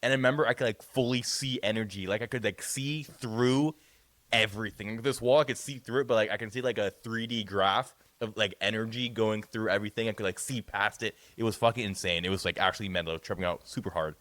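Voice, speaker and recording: A young man co-hosting a podcast, rambling through a profane, animated story in casual chat. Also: fairly low pitch, fast, dry recording. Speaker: podcast co-host.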